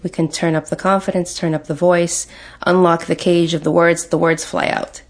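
A woman's voice: on the low side, little pitch movement, normal speed. A woman talking as a guest in a casual chat, giving encouraging coaching advice.

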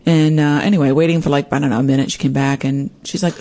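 A woman hosting her own podcast, telling a personal story in a lively way and acting out what people said. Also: low voice, quick pace. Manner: animated, acts out quoted voices. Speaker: podcast host.

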